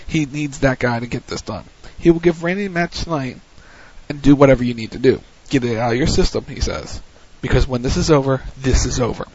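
This man hosts a wrestling recap, his medium-pitched voice darkish with a breathy edge. He runs through the action in a hurried, casual play-by-play, often restarting, and the audio is dull and lo-fi.

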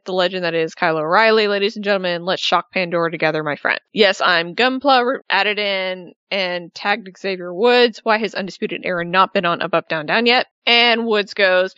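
A woman's voice: mid-range voice, sharp tone, no echo. A woman co-hosting a casual podcast, chatting and reading tweets aloud. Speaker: podcast co-host. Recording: dull lo-fi dry recording.

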